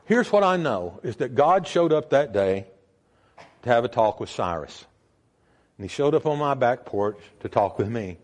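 An older man preaching a sermon as pastor, emphatic, with sudden jumps in pitch and volume. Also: very animated, moderate pace.

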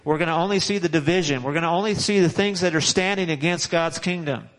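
A man's voice: a little high, fast talker, fairly bright tone, rough recording. A man preaching a sermon in a conversational, repetitive way, with frequent restarts and chuckles. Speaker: pastor.

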